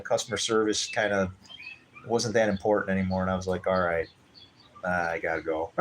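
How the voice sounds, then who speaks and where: A man hosting a live stream in a casual storytelling chat, animated and acting out quoted voices with big jumps in pitch. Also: a little hiss or hum. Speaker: livestream host.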